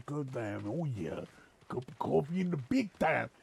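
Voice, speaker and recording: A man putting on the voice of a hyped wrestling showman, with growled, drawn-out exclamations during a live gaming stream. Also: mid-range voice, expressive, gravelly, slight background noise. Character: gravelly hyped wrestling showman, adult male.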